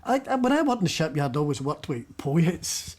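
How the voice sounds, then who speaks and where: Guy hosting a doc, earnest chatty tone, voice a touch high. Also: sing-song, a little fast, darkish tone. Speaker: presenter. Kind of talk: documentary presenting.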